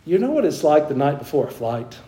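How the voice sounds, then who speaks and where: Echoey preaching man, pitched high. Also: big pitch swings, fairly quick, dark tone. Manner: preaching with rising fervor, quoting scripture in old wording. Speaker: pastor. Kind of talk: sermon. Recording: echoey room.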